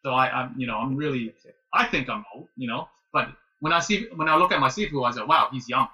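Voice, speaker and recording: A man in his late thirties telling a casual story as a guest, animated and halting, with many restarts. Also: medium pitch, far from the mic, poor audio. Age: 30s. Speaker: guest, martial arts student.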